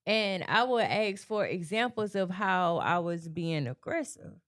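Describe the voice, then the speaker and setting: A woman on a talk panel, speaking haltingly and repeating herself as she thinks it through. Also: lowish voice. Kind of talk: casual chat.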